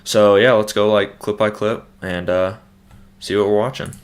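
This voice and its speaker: A man's voice: on the low side, fairly even intonation, normal speed, heavy background noise. A young man hosting a casual, loose trailer breakdown, thinking aloud with many fillers and restarts. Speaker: host.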